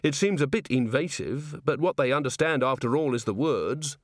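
A man's voice: mid-range voice, expressive, moderate pace, dry recording, clean studio sound, pitched above the performer's own voice, natural voice. A man reading an audiobook, voicing an earnest, polite young male watchman who speaks in a proper, courteous way. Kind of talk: audiobook character voice.

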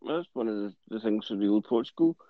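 A man's voice: fairly low pitch, a little fast, no echo, phone-quality sound. A Scottish man co-hosting a casual podcast, chatting and joking. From Scotland. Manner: jokey, chatty, lively. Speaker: podcast co-host.

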